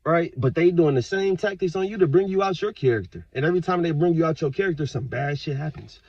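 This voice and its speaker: A man talking straight to his viewers in a casual, profane, rambling rant, with sudden loud outbursts. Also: a little high, quick pace, no room sound, dull audio. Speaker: vlogger. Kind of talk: casual monologue to camera.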